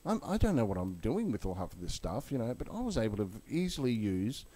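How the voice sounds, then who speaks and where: Husky and dark-toned, this man's fairly low voice swings widely in pitch as he talks quickly. He swears bluntly while raging about the crypto market before breaking down the charts in his video.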